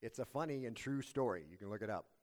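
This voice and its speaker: Deep-voiced male pastor preaching. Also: expressive, a little mellow. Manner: storytelling, measured and earnest. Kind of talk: sermon.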